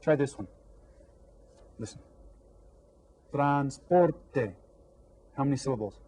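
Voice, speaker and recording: A man teaching a lesson to young pupils, repeating words slowly and clearly. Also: medium pitch, a little mellow, rough recording. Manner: slow, drawn-out repetition of words. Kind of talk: classroom lesson to children.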